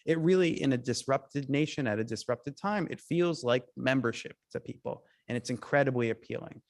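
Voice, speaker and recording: A man delivers a public history lecture as a guest speaker, his voice sitting at an ordinary middle pitch. He tells his material as a string of stories, pressing hard on key words and often restarting his sentences as he goes. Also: fairly quick, no echo. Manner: storytelling, emphatic, with frequent restarts.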